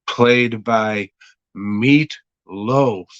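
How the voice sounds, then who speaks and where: Slow-talking, profane man recapping an episode. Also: lowish voice, fairly bright tone, smooth, no echo, highs cut off. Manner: rambling, profane, jokey. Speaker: podcast host reviewing a TV episode.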